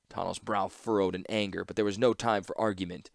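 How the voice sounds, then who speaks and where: A man narrating a fantasy story in audiobook style, steady and measured. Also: fairly low pitch, creaky, clear, resonant tone, dry recording, studio quality.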